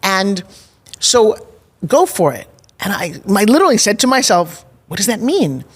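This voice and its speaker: A woman's voice: mid-range voice, sing-song, normal speed, slightly rough. A middle-aged woman as a podcast guest, telling a personal story candidly and with emphasis, acting out her own past thoughts. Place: studio in Nashville.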